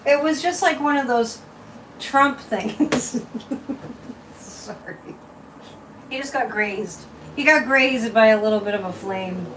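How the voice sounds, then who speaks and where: Woman, casual livestream host, higher voice, chatty and teasing; distant mic. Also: slow, pauses often, background noise. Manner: chatty, repetitive, mocking, with frequent laughs.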